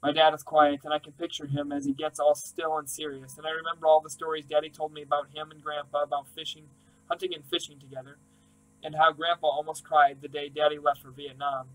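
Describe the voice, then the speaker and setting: A man narrates a first-person story in a slightly higher-than-usual voice. His reading is intimate and emotional, staying close to the character's feelings. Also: level tone, fairly quick, fairly bright tone, low-quality recording. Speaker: audiobook reader.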